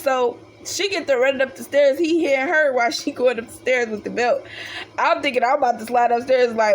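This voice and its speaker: A young woman talks straight to her camera in a loose storytime monologue, cursing freely and acting out family members' lines. Her voice sits a little high, and a faint hiss runs under it. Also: normal speed. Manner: animated, profane, acts out the voices of family members. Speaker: vlogger telling a childhood story.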